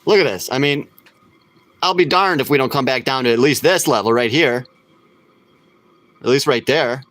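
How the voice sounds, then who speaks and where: A man hosting a live online market chat, talking off the cuff in a blunt, excitable way and scolding his viewers when he gets worked up. His voice sits in an ordinary middle pitch and is recorded dry and close, with no room sound. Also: normal speed, no echo. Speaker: crypto channel host. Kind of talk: live casual market talk.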